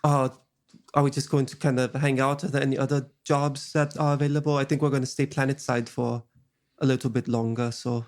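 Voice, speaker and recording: A man's voice: medium pitch, flat delivery, fairly quick, darkish tone. A man playing a tabletop role-playing game, joking and playful. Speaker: player. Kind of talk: casual tabletop game chat.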